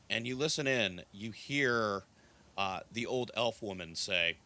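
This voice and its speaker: A man's voice: fairly low pitch, animated, unhurried, pushed and bright. A man narrating as game master of a tabletop game in an easygoing, descriptive way.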